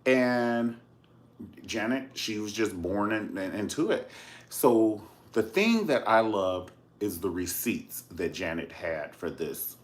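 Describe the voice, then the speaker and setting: A man's voice: on the low side, slow. A man giving a sassy, campy video review in casual commentary, calling the listener honey and swearing freely. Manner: animated storyteller, swears casually. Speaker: documentary reviewer, channel host.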